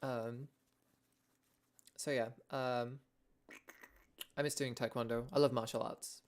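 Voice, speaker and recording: A woman's voice: a bass voice, steady tone, takes it slowly, a little mellow. A young English woman streaming a casual chat, rambling and self-deprecating, laughing often as she talks to her viewers. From England.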